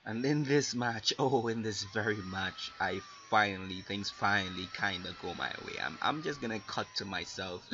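A young man giving excitable, ranting commentary over his gameplay. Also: dull audio. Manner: excitable ranting with big pitch swings. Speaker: gaming video creator. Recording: noisy background.

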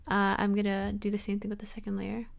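A young woman walks through a software tutorial in a loose, rambling way, full of fillers and self-deprecating asides. Her voice sits at a middle pitch with a gravelly, fry-tinged edge. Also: monotone, quick pace. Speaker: tutorial host. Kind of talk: casual screen-recorded software tutorial.

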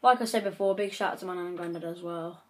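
A woman hosting a gaming channel gives chatty gameplay commentary, breaking into frequent frustrated outbursts. She speaks fast in a lowish voice.

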